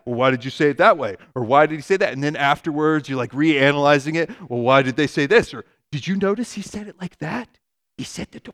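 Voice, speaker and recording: A man preaching a conversational sermon, animated, acting out everyday quotes and vivid hypotheticals. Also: fairly high pitch.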